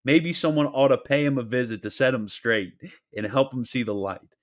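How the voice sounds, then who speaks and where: A man's voice: medium pitch, normal speed, close to an everyday voice. A man voicing a menacing mob-style tough guy with a mock-threatening wiseguy swagger. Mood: mock menace.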